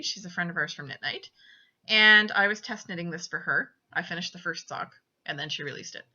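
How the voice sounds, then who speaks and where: A woman's voice: fairly low pitch, sharp tone. Giggly woman host doing knitting show and tell, kinda apologetic, muffled webcam sound. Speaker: podcast host. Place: small cramped spot at home. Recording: dull lo-fi webcam audio.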